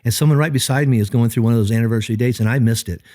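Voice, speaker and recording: Speaking very fast, a middle-aged pastor talks earnestly in a podcast conversation, animatedly performing the quoted words of the people in his stories. His pitch is medium, and the studio audio is clean and echo-free.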